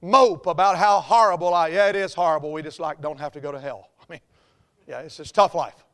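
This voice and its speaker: Southern preacher guy, pretty high voice, cracks jokes, gets loud then drops quiet. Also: a little fast, clear, resonant tone. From American South. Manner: folksy, joking, dramatic swings in loudness. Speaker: pastor. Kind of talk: sermon.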